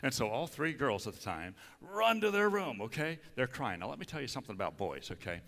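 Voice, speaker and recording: A man's voice: medium pitch, sing-song, a little fast, fairly bright tone. A middle-aged man preaching a sermon in a church, folksy and conversational, often checking in with his listeners. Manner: folksy, conversational, frequent "okay?" asides. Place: church sanctuary. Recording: long hall reverb.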